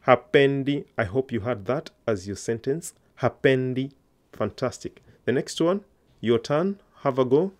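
A man's voice: medium pitch, big pitch swings, normal speed, darkish tone. A man teaching a Swahili lesson online, explaining grammar step by step and encouraging learners to repeat after him.

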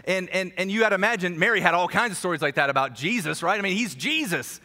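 A man preaching a sermon in a conversational, animated storytelling way, with sudden drops to a hushed voice. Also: sits high, fast. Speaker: pastor. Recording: echoey hall reverb.

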